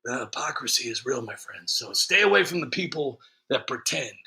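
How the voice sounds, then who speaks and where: Gravelly, forceful sarcastic male streamer. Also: mid-range voice, sing-song, normal speed. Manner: sarcastic, joking, frequent fillers. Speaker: streamer host. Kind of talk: casual ranting monologue.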